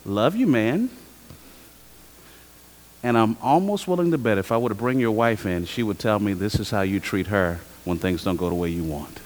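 A man preaching a sermon as pastor, acting out both sides of conversations in a lively way. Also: fairly low pitch, moderate pace, slight background noise. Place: church hall. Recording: long hall reverb.

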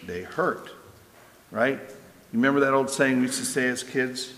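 A middle-aged man preaches a sermon in a casual, talky way, tossing "right?" to his listeners. His voice sits at an ordinary pitch for a man. It rings out with a long reverb, as if heard in a large, echoey hall. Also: a little slow, fairly bright tone, slight background noise. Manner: conversational preaching, frequent "right?" asides. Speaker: pastor.

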